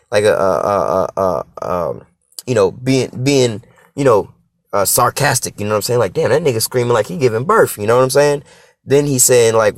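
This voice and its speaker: A man's voice: lowish voice, brisk, no room sound. A man preaching informally on scripture in an emphatic, profane street style, checking in with "all right?" and "you know?".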